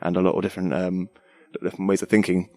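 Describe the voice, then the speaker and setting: A man's voice: low-pitched, completely flat delivery, fast, a little mellow, no echo. A young man, a designer, chatting eagerly about his work in a rambling way with fillers. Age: young adult. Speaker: designer guest. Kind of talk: casual tech chat.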